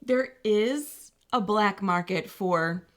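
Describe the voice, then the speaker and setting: Middle-aged woman, podcast co-host, casual storytelling, chatty and laughing, mid pitch. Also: takes it slowly, a bit bright. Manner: chatty, laughing, acts out quoted people.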